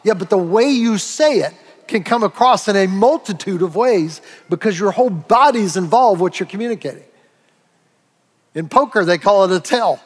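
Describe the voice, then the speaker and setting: A man preaching a sermon, animated, acting out quoted voices and asides. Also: sits high. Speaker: pastor. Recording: long hall reverb.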